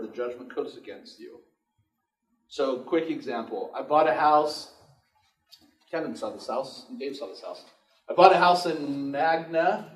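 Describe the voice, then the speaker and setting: A man teaching landlords at a live workshop, casually telling stories and acting out the dialogue. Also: a little high. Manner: casual storytelling, acts out dialogue. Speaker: real estate investor teaching a workshop. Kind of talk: live workshop talk to an audience. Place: room with an audience. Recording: echoey room recorded from far off.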